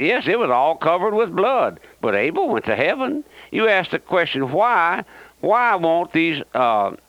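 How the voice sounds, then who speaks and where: A man's voice: a little high, a bit bright, no room sound. Southern male radio preacher, emphatic and repetitive, dry close mic on a lo-fi broadcast. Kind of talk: radio sermon.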